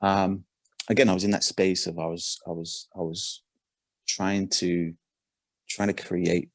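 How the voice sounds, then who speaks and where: English guy, deep and a bit husky, animated story with lots of "you know" and repeats. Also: measured pace, dry recording. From England. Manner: animated, repeats words, many fillers. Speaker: performance coach. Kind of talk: storytelling podcast interview.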